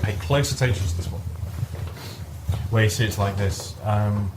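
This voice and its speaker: A man's voice: lowish voice, normal speed, background noise. A man leading a workshop, explaining ideas conversationally with stories and restarting his sentences. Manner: conversational, repeats words when restarting. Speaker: workshop trainer. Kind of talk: live teaching talk with anecdotes. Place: training room with a live group.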